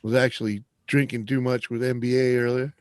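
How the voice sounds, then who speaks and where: A laid-back man chatting on a live stream, tossing in quick short replies. His voice sits at a middle pitch, and the recording is dry and close. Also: level tone, dry recording. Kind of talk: casual chat on a live stream.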